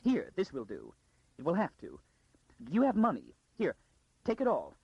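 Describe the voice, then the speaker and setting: A man doing a frantic pleading noblewoman, high and husky. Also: wildly swooping pitch, moderate pace, no room sound, highs cut off, heavily acted. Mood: frantic urging. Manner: urgent, breathless pleading.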